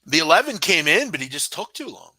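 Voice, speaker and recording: A man's voice: fairly high pitch, very animated, fast talker, pushed and bright, breathy edge, no room sound. A young man hosting a live sports betting show, ranting with sarcasm, exasperation and heavy swearing. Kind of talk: live-stream casual rant.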